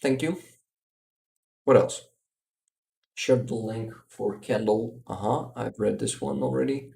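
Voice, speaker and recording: A man chats on his livestream, reading viewer comments aloud. His voice is gravelly with a mellow, relaxed tone. He talks slowly and often pauses to search for a word. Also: mid-range voice. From Ukraine. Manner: unhurried, searches for words, laughs often. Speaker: livestream host.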